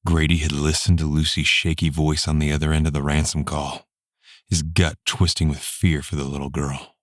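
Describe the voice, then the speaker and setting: A man narrating an audiobook in a steady, measured way. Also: extremely low pitch, no echo, clean studio sound. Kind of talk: scripted narration.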